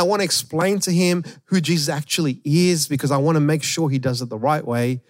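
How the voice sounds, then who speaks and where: Storytelling pastor. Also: male voice, a little high, brisk, few pauses, no echo, studio quality. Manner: storytelling, animated. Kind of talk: sermon.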